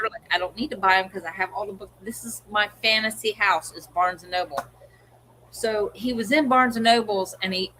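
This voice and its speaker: A woman's voice: medium pitch, bright, forceful tone, slight background noise, low-quality recording. A middle-aged woman co-hosting a livestream, chatting casually and acting out what her family said. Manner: chatty storyteller, acts out family quotes. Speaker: co-host of a livestream. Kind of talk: casual chat.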